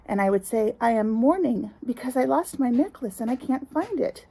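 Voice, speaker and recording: A woman's voice: fairly high pitch, animated, gravelly, husky, rough recording. Sing-song woman teaching small children outdoors. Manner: gentle, slow, sing-song and explaining. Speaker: preschool teacher. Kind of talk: circle time lesson for young children. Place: outdoors in a front yard.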